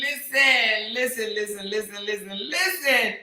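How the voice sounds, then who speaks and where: Bright, laughing woman host in echoey room. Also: a little high, lively intonation, moderate pace. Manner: laughing often, loud playful outbursts. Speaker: host reading viewer comments. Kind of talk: casual livestream chat. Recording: roomy echoey room sound.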